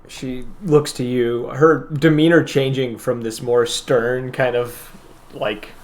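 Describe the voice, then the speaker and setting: A man serves as game master for a tabletop role-playing session, narrating haltingly with lots of filler words. His voice is mid-range.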